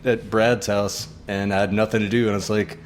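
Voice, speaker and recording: A man's voice: on the low side, flat delivery, fairly quick, soft background music. A man co-hosting a casual group chat, joking and swearing freely. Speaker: podcast co-host.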